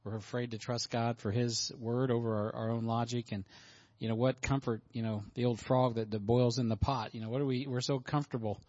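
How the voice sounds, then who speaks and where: A man's voice: medium pitch, fairly even intonation, brisk, few pauses, darkish tone, no room sound. A male pastor talks loosely after a sermon, restarting and reaching for words. The recording is dry, with no room sound, and a bit dull. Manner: rambling, full of fillers. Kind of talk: casual remarks after a sermon.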